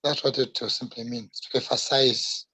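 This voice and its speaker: A man in an online class discussion explains a point, halting and filling pauses as he searches for words. His voice is a plain middle pitch with a husky edge, heard close and dry. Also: fairly even intonation, pushed and bright, dry recording, low-quality recording. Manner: hesitant, explanatory, with fillers. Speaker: class participant.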